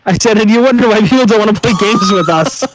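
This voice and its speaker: A high-pitched male voice, chatting as a teammate while playing a game. He laughs often and reaches for mild, clean exclamations instead of swearing. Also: fast, noisy background. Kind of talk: casual gameplay chat.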